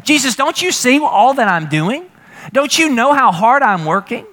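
A man's voice: extremely high pitch, big pitch swings, normal speed, a bit bright, long reverb tail, full character voice. A man voicing Martha, a frustrated, overworked woman who complains in a whiny, exasperated way. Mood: aggrieved.

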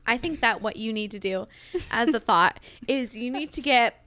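A woman's voice: a little high, normal speed, pushed and bright, slight background noise. A young woman in her twenties, co-hosting a casual chat, laughing often and swearing freely as she gives joking advice. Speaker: podcast co-host.

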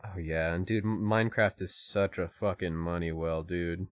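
A man's voice: sits low, fairly even intonation, normal speed, no room sound. A young man co-hosting a podcast in casual, rambling chat, with loose phrasing and casual swearing. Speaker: podcast co-host.

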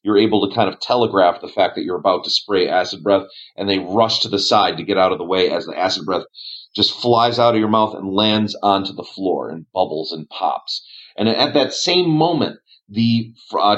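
Man game master, low voice, fillers while he narrates, dull lo-fi audio. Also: moderate pace, fairly bright tone. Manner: describing scenes with frequent fillers.

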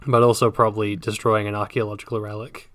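A man's voice: lowish voice, little pitch movement, fast talker, a bit bright, dry recording. Dry, sardonic man with an English accent. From England. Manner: dry, sardonic, swears freely. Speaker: podcast co-host. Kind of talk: casual book discussion chat.

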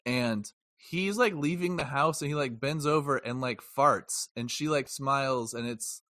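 A man's voice: mid-range voice, measured pace, pushed and bright, no room sound, clean studio sound. A man co-hosting a casual film review podcast, rambling and correcting himself as he jokes about a movie. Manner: rambling, self-correcting, jokey. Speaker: podcast co-host.

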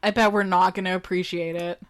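A woman's voice: fairly low pitch, little pitch movement, fairly quick. A young woman, co-hosting a beer tasting in blunt, profane, laughing chat. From Canada. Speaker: co-host of a beer tasting show. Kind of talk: casual chat.

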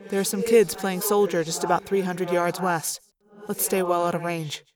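A woman voicing a laconic young man who lives as a hawk, speaking low and wry. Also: steady tone, normal speed, far from the mic, music in the background, natural voice.

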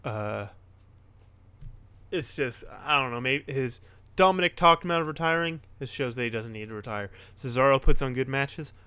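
A man co-hosting a podcast, telling stories in an animated, casual chat. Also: mid-range voice, normal speed, smooth, no room sound. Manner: animated, storytelling recaps. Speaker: podcast co-host. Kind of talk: casual chat recapping wrestling.

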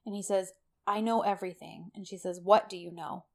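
A woman co-hosting a relaxed podcast and chatting through a TV episode scene by scene. She is lively in her retelling and slips into the characters' lines as she quotes them. Her voice sits at an ordinary middle pitch. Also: a little fast. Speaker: podcast co-host. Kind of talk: casual chat recapping a TV episode.

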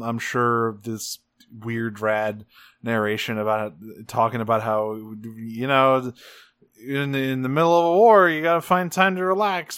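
A man co-hosting a casual podcast chat, animated and profane, acting out characters in raised voices. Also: mid-range voice, smooth. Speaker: podcast co-host.

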